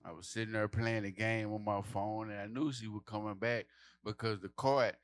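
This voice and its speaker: A man doing a stand-up comedy set, telling a story loudly and acting out the people in it, with lots of swearing. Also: lowish voice, moderate pace. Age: adult. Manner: loud animated storytelling, acting out characters, profane.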